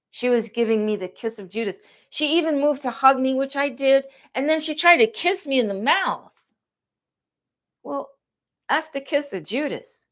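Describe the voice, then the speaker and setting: Woman, middle-pitched vlogger, aggrieved and rambling storyteller, outdoors. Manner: aggrieved and animated, acting out quotes. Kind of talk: rambling personal storytelling monologue.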